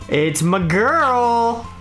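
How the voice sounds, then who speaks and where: A woman's voice: on the high side, very animated, extremely slow, fairly bright tone, soft background music. A young woman playing a co-op game with a friend, talking casually and exclaiming at what happens on screen. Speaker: gaming YouTuber. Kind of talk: casual gameplay chat.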